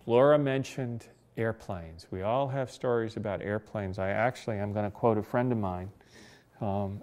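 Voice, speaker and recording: With a lowish voice, a disability rights advocate in his sixties shares personal anecdotes during an oral history interview. His humor is wry and reflective.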